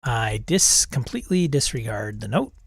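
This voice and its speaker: A man's voice: medium pitch, animated, normal speed, gravelly, slightly rough, dry recording, studio quality. A man hosting, reading a text adventure aloud and reacting, wry and self-amused, chuckling at the game. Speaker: host.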